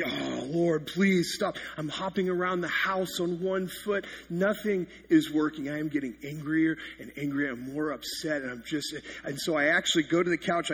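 A man's voice: on the high side, a bit bright, slight background noise. A man in his thirties, a pastor giving a sermon that opens with funny, self-mocking stories. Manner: self-deprecating storytelling with comic exaggeration.

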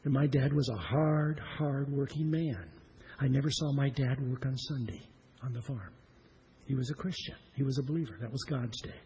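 A man from Iowa preaches a personal story from the pulpit. His voice is heavily husky and raspy at a middle pitch. He tells it earnestly, repeating phrases and swelling louder at key points. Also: moderate pace. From Iowa, USA. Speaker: pastor.

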